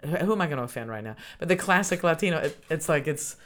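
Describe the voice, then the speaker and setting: A woman's voice: sits low, animated, fast. A young adult woman hosting a podcast, chatting casually and laughing often. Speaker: podcast host. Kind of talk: casual chat.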